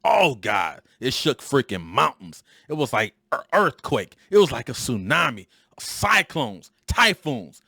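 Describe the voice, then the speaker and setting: A man in his forties hosting a podcast, telling a personal story in an animated, emphatic way. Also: medium pitch, unhurried, creaky, hardly any pauses, slightly rough, no echo, clean studio sound. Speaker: podcast host. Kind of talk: storytelling monologue.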